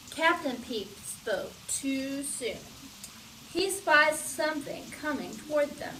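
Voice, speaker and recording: Animated woman reading to kids in pirate-talk. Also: high voice, slow, distant mic, a little hiss or hum, rough recording. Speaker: children's storytime reader. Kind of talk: reading a picture book aloud to kids.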